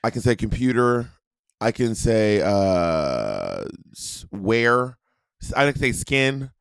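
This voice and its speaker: A man's voice: lowish voice, sing-song, slow pace, vocal fry, smooth, dry recording. A man co-hosting a podcast in casual chat, offhand and joking. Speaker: podcast co-host.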